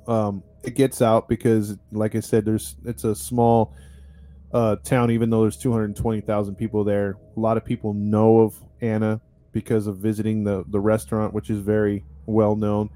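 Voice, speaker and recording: A man with a low, mellow voice recounts a true-crime case like a podcast host. His delivery is loose and conversational, full of "um" and "you know," and he often restarts a sentence partway through. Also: monotone, moderate pace. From United States. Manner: chatty and rambling, with many fillers and restarts. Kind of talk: casual true-crime storytelling.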